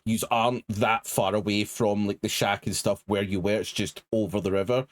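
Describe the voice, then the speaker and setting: A man's voice: on the low side, little pitch movement, normal speed, no room sound. A man narrating as game master, laying out the situation with hesitant fillers.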